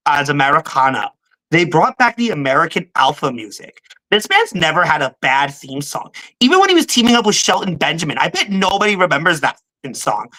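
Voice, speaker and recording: Podcast cohost firing off wrestling opinions, bright edgy voice, trips over words. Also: mid-range voice, poor audio. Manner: quick, opinionated, with restarts. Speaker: podcast co-host. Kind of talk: casual wrestling podcast talk.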